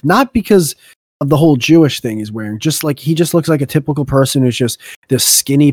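A man's voice: medium pitch, a little mellow, no echo, studio quality. A male podcast host in casual chat, telling a long, rambling, profane story.

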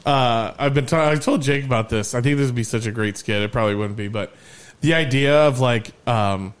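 Podcast host guy, animated storyteller, swears a lot, casual chat. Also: mid-range voice, brisk, clean tone.

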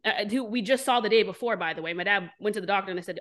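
A woman entrepreneur being interviewed, telling her story candidly and bluntly, animated and swearing freely. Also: medium pitch, very fast, hardly any pauses. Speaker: entrepreneur guest.

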